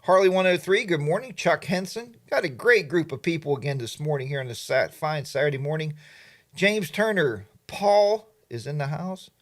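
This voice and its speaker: A man's voice: on the high side, expressive, normal speed. A middle-aged man hosting a casual livestream, chatty and playful, greeting viewers by name. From Pennsylvania, USA. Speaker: livestream host. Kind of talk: casual live chat.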